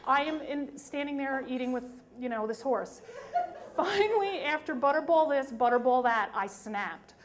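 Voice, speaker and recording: High-voiced woman telling a funny story. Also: normal speed, a little hiss or hum. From New York. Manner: lively, self-mocking, emphatic. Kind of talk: live story slam telling. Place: stage at a live storytelling event.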